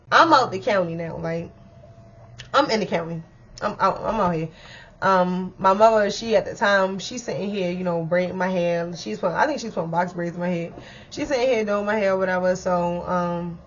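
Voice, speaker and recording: A young woman telling a personal story in a chatty, animated way, full of slang and speaking straight to her viewers. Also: medium pitch, lo-fi sound, a little hiss or hum. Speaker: storyteller vlogger. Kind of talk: casual storytime.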